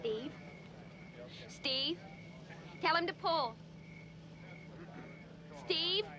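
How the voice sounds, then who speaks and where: An actress playing an anxious woman yelling urgent encouragement from a distance. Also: very high-pitched, animated, very slow, background noise, full character voice. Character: anxious adult woman shouting down a shaft.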